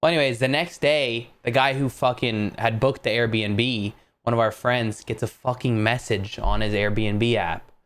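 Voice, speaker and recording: A man's voice: mid-range voice, steady tone, a little slow, hardly any pauses, fairly bright tone. A young man co-hosting a podcast, telling a story in loose, profane chat with heavy slang. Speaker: podcast co-host.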